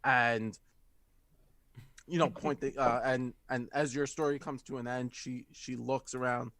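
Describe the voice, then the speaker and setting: A man narrating as game master of a tabletop game, talking haltingly with many fillers. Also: mid-range voice, steady tone, fairly bright tone, no room sound, studio quality. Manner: halting, many fillers, puts on voices for non-player figures.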